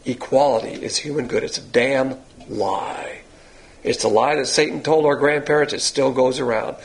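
An older man preaching a sermon in a blunt, animated, coarse-spoken way. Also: mid-range voice, a little fast, poor audio. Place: church in Texas.

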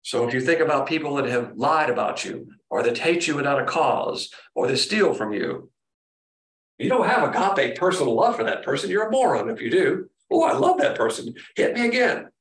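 A man preaching a sermon in an emphatic, teacherly way, often speeding up and slowing down. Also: medium pitch, lively intonation, a bit bright, reverberant, recorded from a distance. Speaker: pastor.

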